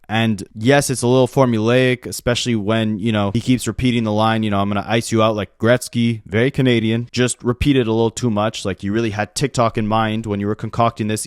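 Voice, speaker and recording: A man's voice: medium pitch, no echo, studio quality. A man giving a casual, opinionated album review in a conversational way with lots of fillers. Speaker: music reviewer.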